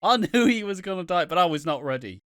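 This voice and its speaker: A man's voice: sits high, lively intonation, quick pace, dry recording, clean studio sound. A man co-hosting a casual podcast chat who rambles, swears freely and gets worked up retelling scenes. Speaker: podcast co-host.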